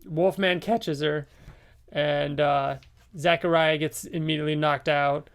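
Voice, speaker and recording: A man's voice: on the high side, fairly even intonation, a bit bright, clean tone. A man hosting a podcast, casually recapping a comic book story with lots of fillers. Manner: rambling recaps with fillers and quick laughs. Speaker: podcast host.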